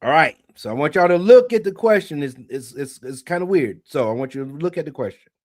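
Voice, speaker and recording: A man co-hosting a sports podcast who talks things through at length in relaxed, chatty speech. His voice sits a little high for a man. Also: brisk. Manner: explains at length, loose and chatty. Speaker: podcast co-host, trivia presenter. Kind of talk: casual sports podcast chat.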